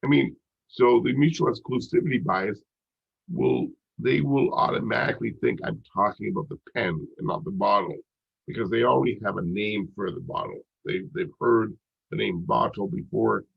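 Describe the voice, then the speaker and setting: A man with a stuffy, congested voice lectures on psychology in a loose, conversational way, circling back on himself with fillers. His voice is husky and rough. The recording sounds dull and muffled. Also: lowish voice, lively intonation, moderate pace. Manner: casual, rambling with many "like" and "you know" fillers. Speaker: psychology instructor.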